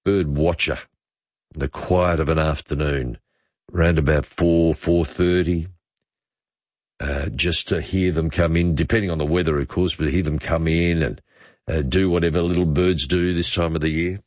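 An Australian man hosting talkback radio, relaxed and unhurried with many uh fillers. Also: very deep voice, dry recording, lo-fi sound.

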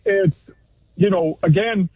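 A man's voice: high-pitched, slow pace, breathy edge, no echo. A man calling in to a radio show, chatting casually and loosely. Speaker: caller. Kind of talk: casual chat. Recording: tinny phone line.

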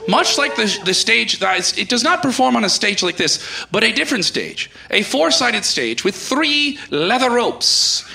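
A man doing a stand-up comedy set on a club stage, ranting loudly with lots of animation. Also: very high voice, very animated, measured pace, gravelly.

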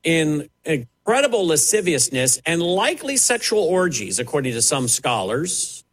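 Brief: male TV preacher, slightly higher voice, very animated swoops, emphatic sermon delivery. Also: moderate pace. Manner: emphatic, dramatic preaching with sharp rises and falls. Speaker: television preacher.

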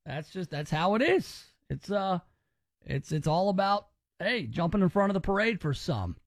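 Male commentary host, higher voice, sarcastic and mocking, dry close sound. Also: no echo. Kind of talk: opinionated commentary.

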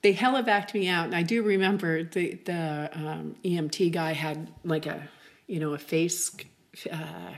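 Low-voiced woman telling a story. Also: fairly even intonation, vocal fry. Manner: halting, chatty, many fillers and restarts. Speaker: interview guest. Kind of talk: personal storytelling.

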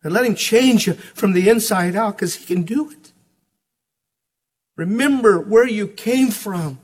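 A pastor preaching a sermon, swinging between hushed, earnest passages and ringing, emphatic calls. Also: male voice, high-pitched, measured pace, husky.

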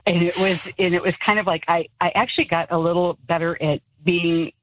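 Caller telling a self-deprecating story. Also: female voice, on the low side, fairly even intonation, fairly quick, dry recording. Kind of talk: radio call-in anecdote. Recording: dull lo-fi phone line.

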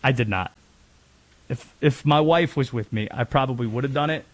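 Chatty sports talk host from North Carolina. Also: male voice, mid-range voice, normal speed. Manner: chatty, rambling, self-deprecating asides.

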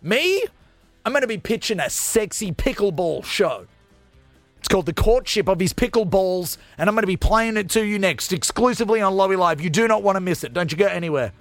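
A man's voice: high voice, brisk, no echo, soft background music. A male radio host, ranting comically and with lots of energy into a studio microphone. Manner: animated, ranting, jokey. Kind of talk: comedic radio rant.

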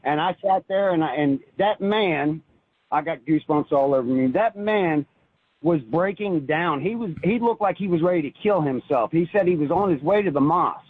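A man calling in to a radio show, telling a personal religious story in an earnest, halting way with frequent restarts. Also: on the high side, husky, no echo. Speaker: caller. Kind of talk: phoned-in personal testimony. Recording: tinny phone line.

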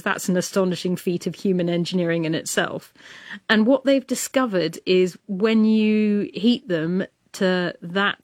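A woman's voice: medium pitch, no room sound, clean studio sound. A woman presenting a radio science show, playful and enthusiastic, with jokey asides. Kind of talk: lively scripted presenting.

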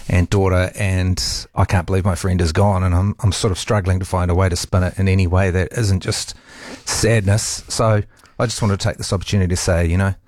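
A radio host, a man, speaks about a friend in a halting, heartfelt way, with restarts and soft laughs. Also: low voice, level tone, dry recording, studio quality.

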